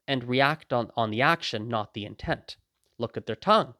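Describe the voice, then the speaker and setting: A man's voice: medium pitch, normal speed, no echo, studio quality. A man hosting a podcast, talking casually and acting out the voices of people in his stories. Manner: animated, acts out quoted voices, laughs often. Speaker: podcast host. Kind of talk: casual monologue.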